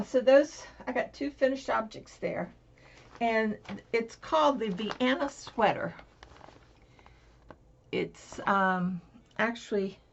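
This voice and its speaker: A woman, possibly older, chatting casually on her crafting vlog, rambling with lots of fillers and restarts. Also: a little high. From Florida. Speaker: crafting vlogger. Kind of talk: casual chat. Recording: dull lo-fi home recording.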